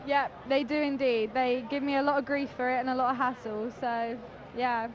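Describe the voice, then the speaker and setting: A woman's voice: high-pitched, steady tone, moderate pace, lo-fi sound. A woman in her twenties with an English accent, chatting cheerfully as she is interviewed outdoors. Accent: English, Cambridge area. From England. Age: 20s. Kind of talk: casual chat. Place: outdoors at a crowded event.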